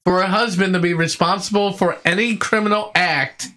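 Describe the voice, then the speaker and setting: A man's voice: high voice, fairly even intonation, normal speed, bright, forceful tone. A man running a quiz segment on a casual radio show, reading questions and announcing answers. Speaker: quiz host.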